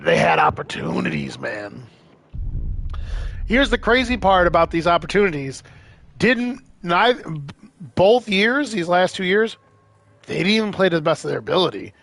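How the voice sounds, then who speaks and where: A man's voice: a little high, brisk, gravelly, a bit bright, slight background noise. A man streaming a game, telling rambling, profane stories with frequent laughs. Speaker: gaming streamer. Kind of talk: casual storytelling while gaming.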